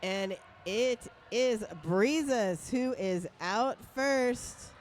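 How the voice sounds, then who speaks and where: A woman's voice: fairly high pitch, extremely slow, a little hiss or hum. A woman announcing a roller derby bout live, giving play-by-play with playful, jokey banter between calls.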